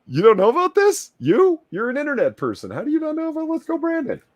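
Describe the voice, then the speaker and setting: Animated sarcastic man, dry close sound. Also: very high voice, fast, dry recording. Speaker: podcast co-host. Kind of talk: casual political chat.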